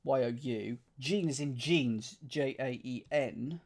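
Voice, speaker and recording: A man with a mid-range voice speaks slowly as he streams himself working through a cryptic crossword, thinking aloud: he reads the clues out and muses over the wordplay.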